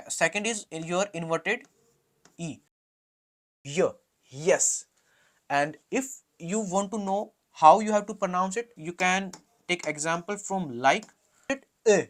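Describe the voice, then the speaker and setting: A language teacher slowly explaining letters, with frequent fillers and hesitations, a Hindi native speaker. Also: mid-range voice. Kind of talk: alphabet lesson.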